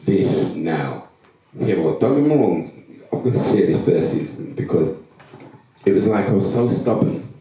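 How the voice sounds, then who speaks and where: A former professional footballer tells his life story to a live audience in an event hall, his voice low and unhurried. He animatedly acts out the conversations he describes, picked up by a distant mic in the echoey hall.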